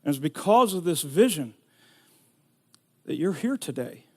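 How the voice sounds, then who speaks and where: A middle-aged man preaching a sermon, telling a personal story with rising emotion that builds to shouting. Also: fairly high pitch, sing-song, unhurried. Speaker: pastor.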